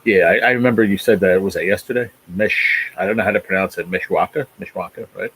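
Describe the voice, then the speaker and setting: Deep husky guy in his 40s rambling on a livestream, swears a lot. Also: fast, fairly bright tone, low-quality recording. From New Jersey. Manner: rambling, profane, restless. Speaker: livestream host. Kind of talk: casual chat reading viewer comments.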